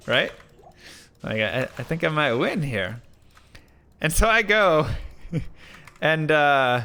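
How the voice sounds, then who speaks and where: A man live-streaming, telling a rambling story in a casual, animated way with lots of filler words. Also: fairly high pitch, takes it slowly, pauses often, smooth. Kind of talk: casual storytelling while gaming.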